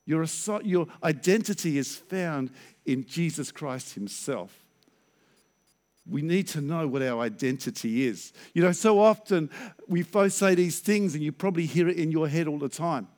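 A middle-aged man preaching a sermon as a pastor, lively and acting out stammering inner voices. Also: on the high side, moderate pace.

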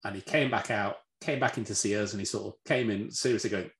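एक ब्रिटिश लहजे वाला आदमी, धीमे सुर में, जोश से किस्से सुनाता है और शब्द दोहराकर बात शुरू करता है। आवाज़ गूँजदार कमरे में रिकॉर्ड हुई है।. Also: male voice, fairly low pitch, fast talker, few pauses. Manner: animated, repeats words when starting, acts out voices. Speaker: red team leader, guest speaker. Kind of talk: storytelling answer in a talk. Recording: roomy echo.

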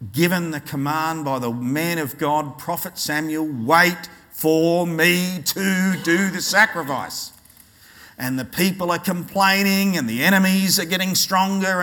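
A man delivers a sermon at an ordinary, mid-range pitch, talking to his listeners as if chatting with friends. He draws out important words from the scripture slowly and with emphasis, then drops back into an easy, informal pace. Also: a bit bright. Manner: conversational preaching, slows down to stress scripture words. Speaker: preacher.

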